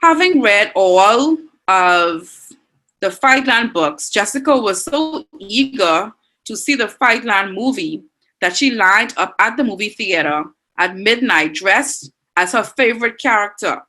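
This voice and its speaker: A woman teacher with a Bahamian accent, leading an online class and warmly reading out and praising students' answers. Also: mid-range voice, animated, a little slow, low-quality recording. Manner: encouraging, reads students' answers aloud with frequent praise.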